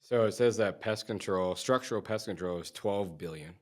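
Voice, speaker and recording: Deep-voiced relaxed podcast host. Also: male voice, normal speed. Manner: relaxed, reads figures aloud, prompts the guest. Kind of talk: casual interview.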